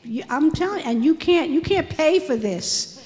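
High-voiced woman calling out praise. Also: expressive, moderate pace, a little mellow, a little hiss or hum. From Florida, USA. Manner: exuberant, calling out praise and hallelujahs. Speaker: prayer meeting leader. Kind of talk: leading a church testimony meeting. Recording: long reverb of a church hall.

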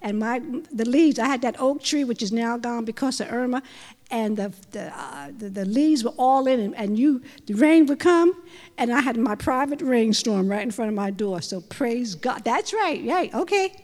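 High-voiced woman calling out praise. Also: expressive, moderate pace, darkish tone. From Florida, USA. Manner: exuberant, calling out praise and hallelujahs. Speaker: prayer meeting leader. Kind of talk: leading a church testimony meeting. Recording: long reverb of a church hall.

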